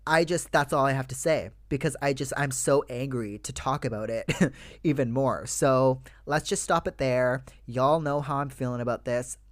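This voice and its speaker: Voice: mid-range voice, steady tone, normal speed, dry recording. A young adult podcast host talks straight to the listeners in a loose, heated rant. Curses come easily, and the talk stays casual and personal. The voice sounds dry and close, with no room around it. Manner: ranting, swears freely, addresses listeners as "you guys". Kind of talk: casual solo podcast chat.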